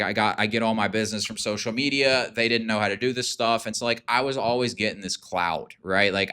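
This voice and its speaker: Man, lowish voice, forceful tone, casual rambling monologue, lots of fillers and cursing. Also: smooth. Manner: rambling, filler-heavy, profane; emphatic, hyping. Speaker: self-improvement video host.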